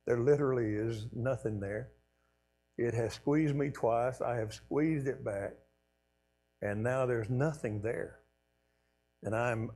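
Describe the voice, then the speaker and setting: A man speaking as a guest preacher, telling an earnest personal story in a sermon and often dropping to a soft hush. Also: mid-range voice. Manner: earnest storytelling, trailing off softly at key lines. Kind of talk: sermon testimony.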